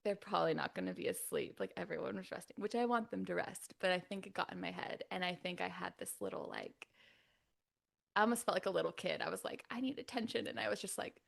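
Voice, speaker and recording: A woman's voice: on the low side, animated, fast talker, creaky. A woman from California, a podcast guest telling her birth story in a casual, chatty way, often dropping to a near-whisper and laughing between lines full of "like". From California, USA. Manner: soft-spoken, often drops to a near-whisper; chatty, frequent "like" fillers and laughs.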